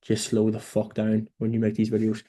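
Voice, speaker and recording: A man's voice: lowish voice, monotone, normal speed, mellow. A young Irish man coaching beginners in a casual, blunt monologue, swearing freely and tagging lines with "right?". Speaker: online business coach. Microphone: phone or camera mic in a room.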